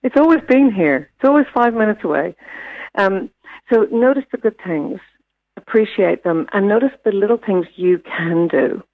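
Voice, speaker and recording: NZ woman guest, gravelly voice, tinny phone line, thoughtful advice. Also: mid-range voice, expressive, normal speed. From New Zealand. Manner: gentle, reflective, many fillers and restarts. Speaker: wellbeing expert guest. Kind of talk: radio interview, casual advice.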